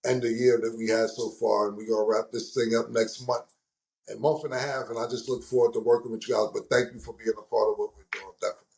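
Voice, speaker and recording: A man's voice: lowish voice, darkish tone. A man hosting a casual sports talk show, telling stories loosely and with a lot of slang. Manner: loose slang-heavy storytelling. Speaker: host.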